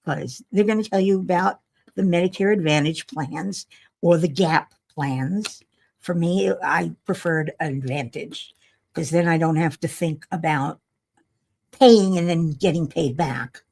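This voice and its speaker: Tired, gravelly older woman chatting. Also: sits low, unhurried, darkish tone. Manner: rambling, self-talking, wry and chatty. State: tired, yawning. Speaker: livestream host. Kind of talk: casual chat while crafting.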